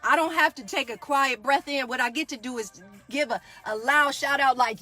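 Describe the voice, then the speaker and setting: Woman, 40s, yoga teacher, bright preachy motivational energy. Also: sits high, lively intonation, moderate pace, few pauses. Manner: fired-up, preachy, keeps asking "do y'all hear me". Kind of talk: motivational live talk.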